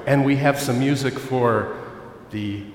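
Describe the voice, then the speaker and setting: A man's voice: mid-range voice, measured pace. A man preaching a lighthearted sermon, joking and chatting with his congregation. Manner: jokey, chatty, talks with the audience. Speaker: pastor. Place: church hall. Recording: echoey church hall with long reverb.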